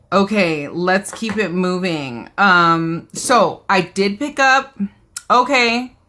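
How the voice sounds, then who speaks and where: A woman's voice: on the low side, drawn-out words, pushed and bright. A woman, hosting a casual live beauty haul, chatting and reading viewer comments aloud. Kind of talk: casual live-stream chat.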